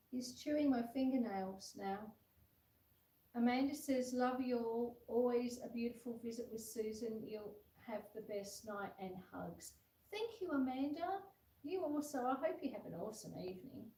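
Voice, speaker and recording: A woman's voice: fairly high pitch, dark tone. A woman hosting a homestead livestream. She chats casually, reads viewer comments aloud and coos at the puppy on her lap. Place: indoors at home, seated with a puppy on her lap. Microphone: phone camera set far back. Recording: roomy and distant from the camera.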